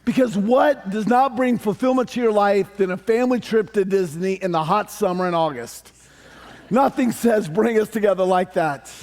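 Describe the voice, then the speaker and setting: A man preaching a sermon as pastor, animated and conversational with touches of humor. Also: high-pitched, normal speed. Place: church sanctuary.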